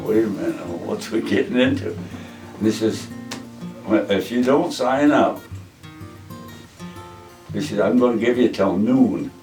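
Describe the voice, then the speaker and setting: A man's voice: on the low side, darkish tone, echoey room, far from the mic, poor audio. An older man, a veteran, telling his army story in a plainspoken way, often repeating "he says" as he retells conversations. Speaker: veteran interviewee. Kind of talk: oral history storytelling.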